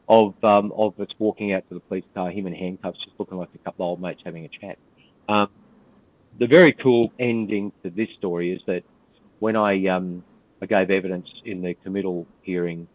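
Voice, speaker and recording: An older Australian man, a retired police officer, telling a war story as a podcast guest in a blunt, profane, laid-back way. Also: low-pitched. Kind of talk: storytelling in casual interview. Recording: tinny phone-like line.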